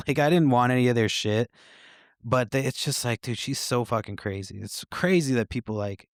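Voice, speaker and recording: A man with a mid-range voice talks at a moderate pace, recorded dry with clean studio sound. He hosts a podcast, telling rambling, casual stories with lots of swearing, fillers, and frequent chuckles in a laid-back way.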